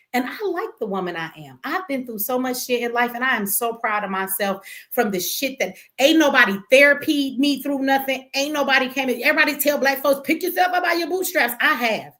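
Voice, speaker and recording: Bright, high-voiced woman ranting on a livestream. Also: a little fast. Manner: blunt, profane, impassioned. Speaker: livestream host. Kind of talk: emotional livestream rant.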